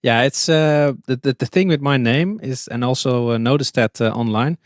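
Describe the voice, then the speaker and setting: A man's voice: mid-range voice, moderate pace, no room sound. A Dutch-accented man chats as a guest on a podcast. He talks in a middle register, hesitating often with fillers and restarts, and the sound is close and dry. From Netherlands. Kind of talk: casual interview chat.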